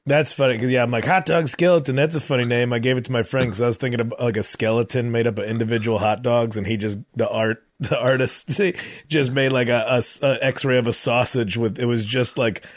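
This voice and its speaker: A man's voice: mid-range voice, fairly quick, hardly any pauses, no echo. Man, podcast co-host, casual comedic chat, dry close sound, acts out quotes. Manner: animated, swears, acts out quoted voices.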